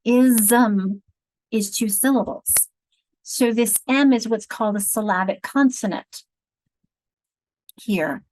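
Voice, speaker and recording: A woman leading an online teacher training on reading instruction from home, explaining patiently and slowly sounding out example words. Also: fairly high pitch, darkish tone, no echo, rough recording. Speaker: literacy instructor.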